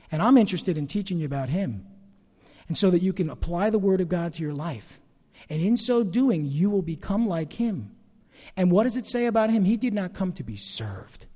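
A pastor preaching a sermon, swinging between loud emphatic lines and quiet asides. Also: male voice, on the high side, in a large hall.

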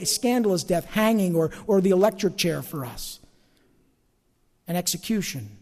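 A pastor preaching a sermon, swinging between loud emphatic lines and quiet asides. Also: male voice, sits high, lively intonation, moderate pace, in a large hall.

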